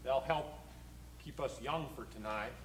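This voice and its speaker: An actor playing a gentle, affectionate president who speaks hesitantly and sings as a tenor in a stage musical. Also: male voice, medium pitch, measured pace, reverberant, a little hiss or hum, close to an everyday voice. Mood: tender. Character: gentle affectionate middle-aged president, husband. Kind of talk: stage musical acting with song.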